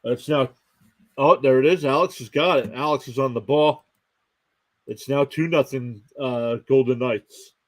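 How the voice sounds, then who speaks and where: Young male stream host, steady play-by-play caller, mid-pitch voice. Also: unhurried. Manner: steady play-by-play, reads out scores and thanks viewers. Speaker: live stream sports commentator. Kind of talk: live play-by-play reaction commentary.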